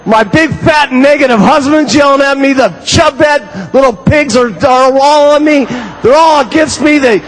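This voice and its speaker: An excitable housewife rattles on in a high, quick voice, put on by a male speaker. She sounds eager and a little frantic. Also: poor audio. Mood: whining.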